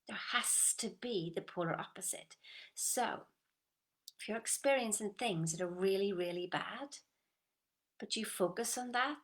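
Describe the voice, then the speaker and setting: A woman gives an earnest motivational talk on a group call, her voice pitched in an ordinary middle range. She coaxes her listeners gently and slips into soft whispered phrases, then checks in with quick questions. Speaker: motivational coach.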